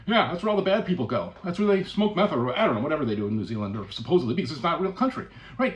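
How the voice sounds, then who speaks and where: A man's voice: on the high side, racing, few pauses, crowd noise. A man delivering a mock-serious comic rant, playful and insistent, tagging lines with "right?". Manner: playful, keeps asking "right?"; animated, fake-conspiracy insistence. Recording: echoey room.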